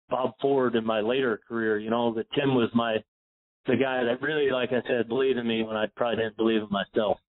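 Man telling stories over a phone line. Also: mid-range voice. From Pennsylvania. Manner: rambling, warm storytelling with many "you know"s. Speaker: golf instructor, guest. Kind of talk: casual storytelling interview. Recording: phone-like narrow sound.

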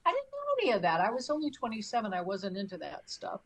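A middle-aged woman appears as a talk show guest, recounting her own experience in conversational storytelling. Her medium-pitched voice swoops wildly up and down at a quick pace, and she's emphatic, acting out her pleas.

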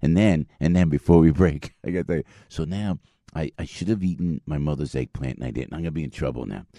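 A man's voice: very deep voice, fast, mellow, no room sound. A middle-aged man hosting a morning radio show, telling stories in a chatty way and laughing often. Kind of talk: casual morning radio chat.

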